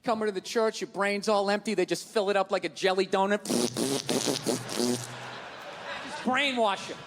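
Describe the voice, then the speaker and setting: A man's voice: high-pitched, expressive, normal speed, a bit bright. A man doing a profane, ranting stand-up comedy routine, mocking people with put-on voices. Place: comedy stage before a live audience. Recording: reverberant venue with crowd and noise.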